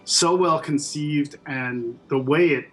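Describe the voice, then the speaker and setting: A man's voice: on the high side, slow pace, a bit bright, faint music behind, rough recording. A man in his fifties, a puppet and toy designer, telling stories in a casual interview with many ums and restarts. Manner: thoughtful, with frequent ums and restarts.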